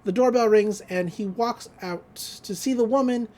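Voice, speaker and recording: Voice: medium pitch, moderate pace, dark tone. A podcast co-host casually recapping a cartoon episode, acting out the characters' lines and laughing along the way.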